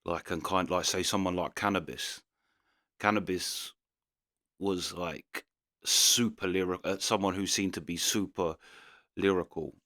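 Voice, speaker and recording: A young man with a London accent talks through a reaction video in a casual, rambling way. His voice sits low and deep. He stops and restarts his sentences often and fills the gaps with fillers. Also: steady tone, a little slow, sharp tone. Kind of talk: casual commentary.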